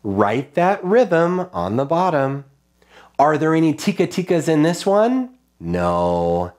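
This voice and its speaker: A man's voice: on the high side, big pitch swings, takes it slowly, darkish tone. A man teaching a children's music lesson, patiently chanting rhythm syllables and talking them through drawing rhythms.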